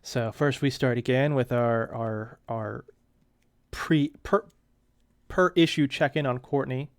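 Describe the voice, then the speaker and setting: A man's voice: medium pitch, slow, no room sound, studio quality. A man in his thirties reading a comic aloud and commenting on it in a chatty way, with wry asides.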